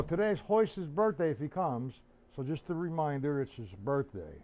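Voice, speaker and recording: A man's voice: a little high, very animated, moderate pace, few pauses, over loud music. A man teaching rudiments on a live-streamed drum lesson, counting beats aloud and chatting with viewers by name. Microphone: streaming setup. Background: snare drum playing.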